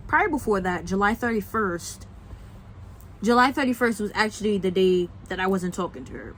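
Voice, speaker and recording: A man's voice: high voice, fairly bright tone, poor audio. Young man, vlog rant, sarcastic, swears a lot, faint hiss behind. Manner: heated, profane and sarcastic. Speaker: vlogger. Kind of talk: venting story-time vlog.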